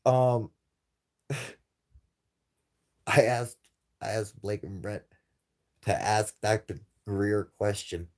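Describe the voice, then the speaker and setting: A man's voice: on the low side, takes it slowly, long pauses. A young man hosting a UFO live stream, swearing a lot and mocking people in a casual rant. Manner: profane, mocking, laughs often, does exaggerated voices when quoting. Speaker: UFO channel host.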